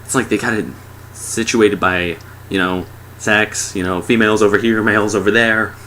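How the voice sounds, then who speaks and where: A man's voice: lowish voice, steady tone, moderate pace, pushed and bright, slight background noise. A sarcastic young man giving a casual, mocking movie review.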